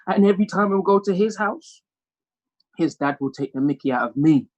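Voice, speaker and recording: A man's voice: high voice, a little fast, lo-fi sound. A man doing a stand-up comedy monologue, telling self-mocking stories. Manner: storytelling, animated, self-mocking.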